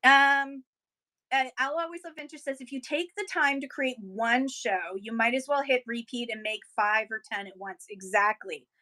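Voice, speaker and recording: A woman's voice: fairly high pitch, moderate pace, sharp tone, poor audio. A woman hosting a casual livestream, reading viewer comments aloud and encouraging sellers with upbeat tips.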